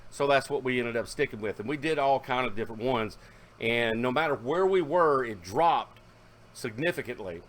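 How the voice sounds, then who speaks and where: With a mid-range, expressive, slightly bright voice at normal speed, a car audio vlogger chats casually through his hobby video. He rambles, leans on fillers, and corrects himself along the way.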